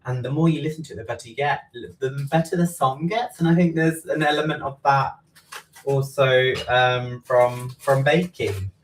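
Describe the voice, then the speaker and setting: A man's voice: mid-range voice, normal speed, distant mic. A man chatting casually while baking in his home kitchen, rambling and correcting himself. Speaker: baking livestream host. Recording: roomy kitchen, away from mic, faint noise.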